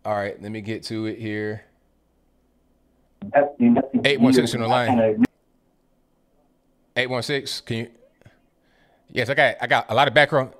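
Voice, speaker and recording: A man's voice: mid-range voice, steady tone, a little slow, long pauses, a bit bright. A man hosting a call-in talk show, casual and conversational, with some stammered restarts.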